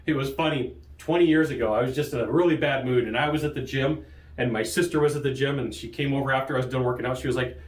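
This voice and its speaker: A man hosting a sales training show, coaching in an energetic, joking way and laughing often. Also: quick pace. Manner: lively, jokey, laughs often, big pitch jumps. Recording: roomy echo.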